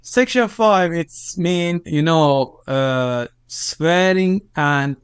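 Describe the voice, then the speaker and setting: High-voiced man with an Iranian accent. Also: smooth, no room sound, clean studio sound. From Iran. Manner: halting non-native English with many fillers and restarts, agitated when quoting. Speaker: journalist, interview guest. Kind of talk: recounting events in an interview.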